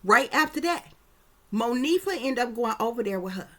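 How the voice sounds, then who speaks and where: Woman psychic doing a casual reading, slightly high voice, swears a lot, keeps asking you get it. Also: expressive, moderate pace, a bit bright. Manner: emphatic, profane, keeps checking in with listeners. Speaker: psychic reader.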